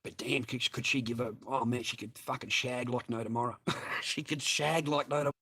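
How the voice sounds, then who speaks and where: A man spins a crude story in a loose, rambling way. He swears freely, circles back on himself, and keeps calling the listeners mate and boys. His pitch sits in an ordinary middle range for a man. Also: fairly even intonation, brisk, bright, forceful tone, slightly rough. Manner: profane, rambling, addresses listeners as mates. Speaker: storyteller addressing viewers. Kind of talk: crude casual anecdote.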